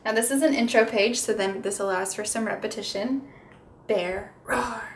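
A woman's voice: on the high side, a little fast, a little hiss or hum. A young woman speech therapist explaining how to read picture books with toddlers, slipping into sing-song, exaggerated sounds for children. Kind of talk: instructional demonstration.

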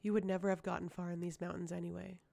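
A cold, ancient witch commander, flat and clipped, her orders gravelly and dark, voiced by a woman reading an audiobook. Every line is a command. She never raises her voice. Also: on the low side, fast talker. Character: cold ruthless female witch leader, ancient.

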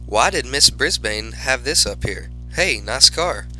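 A man's voice: mid-range voice, lively intonation, measured pace, bright, forceful tone, faint music behind, rough recording. A man voicing a friendly, curious adult male night custodian in a storybook reading, speaking in surprised, musing exclamations.

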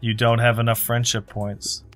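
A man's voice: medium pitch, flat delivery, a bit bright. A young man co-hosting a video game stream, joking and riffing in crude, casual banter. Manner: joking, quick to riff. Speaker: co-host playing a video game. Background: music.

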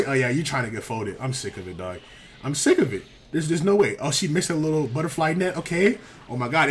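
Young man, gameplay commentary, slangy and exasperated, highish voice, swinging pitch. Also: quick pace, a little hiss or hum. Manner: animated, exasperated, heavy slang, frequent repeats. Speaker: gaming commentator.

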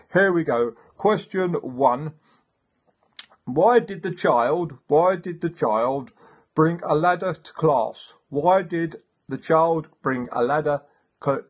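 A man voicing a fussy, exasperated male schoolteacher in a comedy sketch, bossy, with slow deliberate speech and sudden shouts. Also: medium pitch, voice pushed up.

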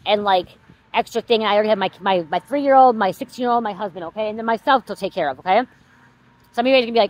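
Woman tarot reader ranting fast on her vlog, swears a lot, keeps saying okay. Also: mid-range voice, low-quality recording. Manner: venting, repeats "okay?", swears often. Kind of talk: casual vlog rant.

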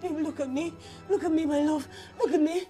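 A woman's voice: sits high, brisk, warm tone, faint music behind, natural voice. An actress with a Nigerian accent playing a young woman about to be jilted before her wedding, pleading and breaking into sobs in a film drama. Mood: begging.

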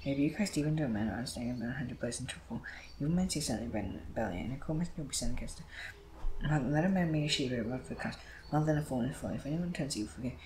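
A man reading scripture aloud, moving quickly and often stumbling over words and starting lines again. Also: mid-range voice, background noise. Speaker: Bible reader.

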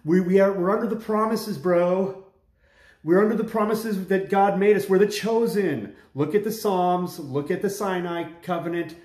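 A man's voice: high voice, moderate pace, a little mellow, reverberant, voice pushed up, natural voice. A man voicing a complacent male churchgoer who brushes off warnings in a dismissive, slangy way. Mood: smug. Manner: dismissive, slangy, self-assured.

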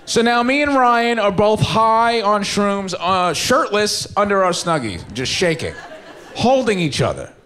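A man's voice: high-pitched, sing-song, measured pace, a bit bright, a faint crowd. A young man with a New York accent, from Staten Island, telling a story in a stand-up set and acting out his friends' voices. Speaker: stand-up comedian. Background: audience laughter.

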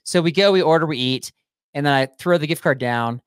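A man's voice: fairly high pitch, fairly quick, clear, resonant tone, dry recording, studio quality. A man co-hosting a podcast, chatting casually and teasing his co-host with wry reactions.

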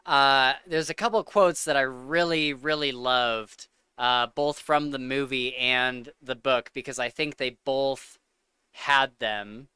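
Bright, gushing male podcast host. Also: mid-range voice, fairly even intonation, slow pace, clean tone, no echo. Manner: enthusiastic, gushing, filler-heavy. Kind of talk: casual chat.

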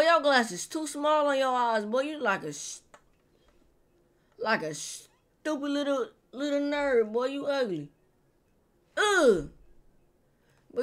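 A woman hosting a reaction video, teasing and roasting the people on screen in slangy casual banter, drawing words out and repeating them for emphasis. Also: on the high side. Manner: drawn-out, repetitive emphasis.

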